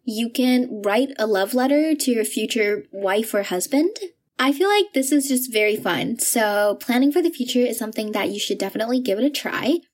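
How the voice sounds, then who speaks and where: A young woman hosting an advice podcast, talking quickly and casually with many fillers. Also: on the high side, a little mellow. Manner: chatty, fast, many filler likes. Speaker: podcast host.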